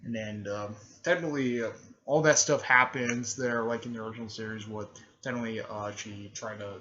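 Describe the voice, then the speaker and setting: A man recapping a fan story casually, halting, with many fillers, restarts and throat clearing. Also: lowish voice, steady tone, bright, forceful tone, dull audio.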